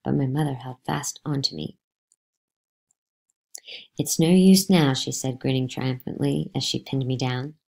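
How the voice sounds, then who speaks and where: A woman reading a novel aloud to a class, lively, with pitch jumps on the spoken lines. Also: moderate pace, creaky, hardly any pauses.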